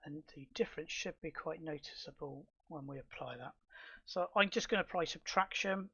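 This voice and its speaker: Gravelly, husky man. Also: a little high, normal speed, muffled recording. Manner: relaxed step-by-step explaining with fillers and restarts. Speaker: astrophotography tutor. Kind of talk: screen-recorded software tutorial.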